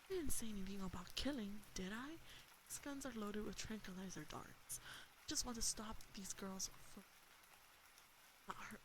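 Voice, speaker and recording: A woman's voice: medium pitch, moderate pace, noisy background, lightly acted. A woman voicing a cold, threatening male camp director in a whispered role-play on a binaural mic. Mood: menacing. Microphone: binaural ASMR mic.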